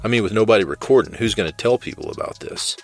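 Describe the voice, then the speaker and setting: A man's voice: lowish voice, fast talker, lightly acted. A man voicing a cruel inhuman male cop with a small-town American accent and a mocking, chuckling drawl. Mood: taunting.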